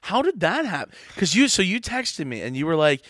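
Quick, lively young podcast host. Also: male voice, high voice, no echo, clean studio sound. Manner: eager, quick questions with repeated words. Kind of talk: casual chat.

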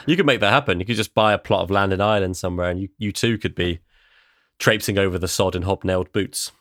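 A man's voice: low voice, brisk, fairly bright tone, no room sound, clean studio sound. A man co-hosting a casual chat, teasing his friend and laughing easily. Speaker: podcast co-host.

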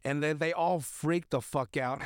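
A man's voice: a little high, normal speed, no echo, clean studio sound. A young man hosting a podcast, chatting casually and crudely with lots of swearing, restarts and fillers. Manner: crude, swears often, rambling with many restarts. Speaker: podcast host. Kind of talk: casual chat recapping a TV episode.

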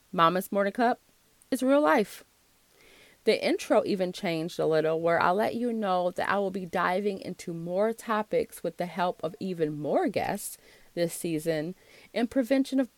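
A woman's voice: lowish voice, no echo. A woman in her thirties or forties hosting her own solo podcast, talking in a chatty, encouraging way. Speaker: podcast host.

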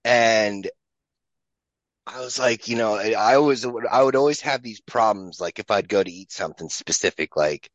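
A man guesting on a podcast, telling a story in an animated, profane, casual way. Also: fairly low pitch, normal speed, no room sound. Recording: dull lo-fi sound.

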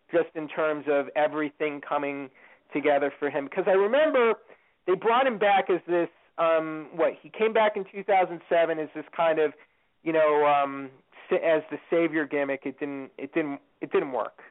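A man's voice: a little high, normal speed. Guest guy rambling on a podcast, lots of restarts, sounds like a phone line. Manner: rambling with many restarts and fillers. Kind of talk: casual podcast chat.

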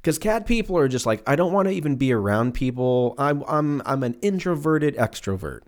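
This podcast host, a man in his twenties, rambles by himself with plenty of swearing and goofy exaggerated voices, recorded in a home room where the windows are open. He speaks in a mid-range voice with a sing-song lilt at a moderate pace.

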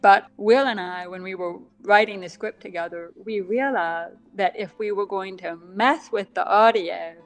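A woman talks in a relaxed interview, her deaf accent shaping some sounds a little differently. Her voice sits at an ordinary middle pitch, and she chats freely, often laughing at herself. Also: normal speed, hardly any pauses, soft background music. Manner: chatty, laughs often, self-deprecating asides. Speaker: guest author. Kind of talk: casual interview chat.

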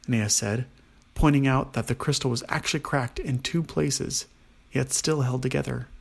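A man narrating a children's bedtime story in a gentle, steady manner. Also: mid-range voice, moderate pace, gravelly, breathy edge. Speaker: storyteller, father.

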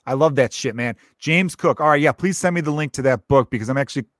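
A man hosting a casual podcast chat, chummy and quick to laugh. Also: mid-range voice, no echo, clean studio sound. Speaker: podcast host.

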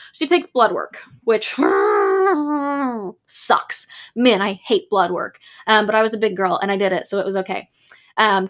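A woman's voice: mid-range voice, a bit bright. A woman in her twenties hosting a podcast in casual chat, frank and emphatic, full of "like" fillers and swearing when riled. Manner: many "like" fillers. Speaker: podcast host.

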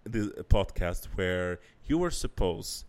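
A man's voice: low voice, very animated, takes it slowly, a little mellow, clean tone. A man co-hosting a casual comedy podcast, giggling often and stumbling over his words. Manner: giggly, stammering, lots of laughter. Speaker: podcast co-host. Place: Berlin.

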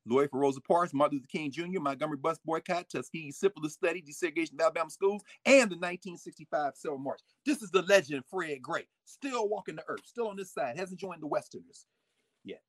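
A man giving a lively history lecture with folksy asides, swinging his volume up and down. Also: a little high, fast, no room sound. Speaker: history teacher. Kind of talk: lively history lecture with read-aloud quotes.

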